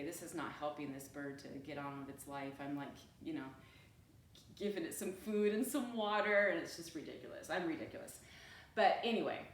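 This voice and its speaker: A woman leads a yoga class in a loose, chatty way, laughing as she talks. She sounds far from the mic, in a very echoey room with a faint hum of ambience behind her. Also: on the low side. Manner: chatty, laughing, animated storytelling. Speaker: yoga teacher. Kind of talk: casual class talk.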